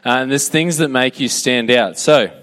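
A young man with an Australian accent preaches in a relaxed, joking way, chatting with his listeners and polling the room. His mid-pitched voice carries a long reverb, as if it fills a large hall. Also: moderate pace. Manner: joking, chatty, asks for a show of hands. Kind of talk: casual sermon to a youth group.

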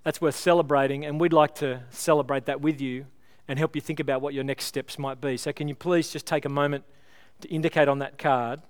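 A pastor with a somewhat high, steady, clean-toned voice preaches a sermon at a church service. He is earnest and pleading, building his message with illustrations before slowing down to lead the congregation in prayer.

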